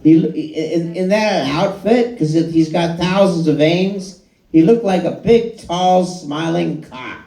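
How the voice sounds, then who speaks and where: A man doing a stand-up comedy set, telling a story in an animated way and swearing freely. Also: fairly high pitch, takes it slowly, vocal fry, a little hiss or hum. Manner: animated storytelling, swearing, crowd laughing along. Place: live comedy show at a bar and grill. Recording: echoey bar room with a loud crowd. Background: audience laughing.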